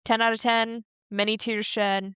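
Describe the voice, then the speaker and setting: A woman's voice: a little high, little pitch movement, unhurried, a bit bright, clean tone, no room sound. A woman co-hosts a recap podcast in frank, casual chat and sometimes swears. Her mic sounds a bit dull and muffled, and the sound is dry and close. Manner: frank and casual, uses "like" and "I don't know" a lot, swears now and then. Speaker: podcast co-host.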